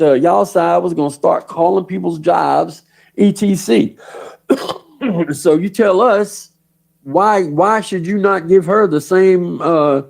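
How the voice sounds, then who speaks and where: Fairly high-pitched and gravelly with a darkish tone, this man's voice comes through poor audio. He's a livestream host on a profane rant, cursing and mocking people, taunting them with questions and laughing often.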